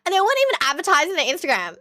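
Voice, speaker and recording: A woman's voice: extremely high pitch, sing-song, racing, bright, forceful tone, no room sound, clean studio sound. A young woman with an Australian accent chatting bluntly with her stream viewers, swearing often. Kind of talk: casual chat with stream viewers.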